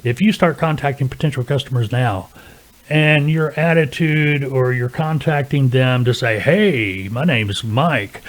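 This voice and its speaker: Male trainer, mid-pitched, plain-spoken, walks the listener through cold-calling step by step. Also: fairly even intonation, normal speed. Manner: plain-spoken, coaching, peppered with "okay". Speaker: freight broker trainer. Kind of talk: instructional talk to camera.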